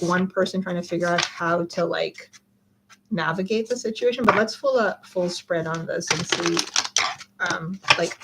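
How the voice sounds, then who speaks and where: A woman's voice: lowish voice, heavy background noise. Chatty woman tarot reader, rambling. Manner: chatty, rambling, many fillers and self-interruptions, laughs often. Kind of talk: live-stream tarot reading, casual chat.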